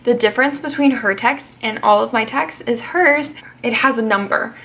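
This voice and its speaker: Gravelly-voiced young woman telling a story. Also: fairly high pitch, normal speed, sharp tone, slight background noise. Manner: chatty, swears freely and laughs between lines. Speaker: vlogger. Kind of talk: casual storytime vlog.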